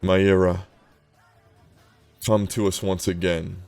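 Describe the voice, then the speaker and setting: A man's voice: low voice, flat delivery, gravelly, a little mellow, no room sound, faint music behind, heavily acted. A man doing a solemn ancient unicorn. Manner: slow, solemn, measured. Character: ancient stern male unicorn, grave and commanding. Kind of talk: tabletop game role-play.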